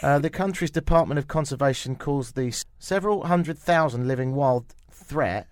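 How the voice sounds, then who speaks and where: A man's voice: a little high, moderate pace, no echo, studio quality. A young man hosting a radio show, joking and riffing in casual chat. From England. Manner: jokey, playful, riffing.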